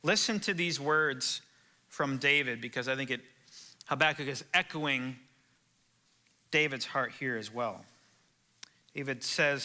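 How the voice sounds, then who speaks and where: A man's voice: mid-range voice, a little slow, long pauses, pushed and bright. A male pastor preaching a sermon in a church, earnest and conversational, asking his listeners direct questions. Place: church sanctuary.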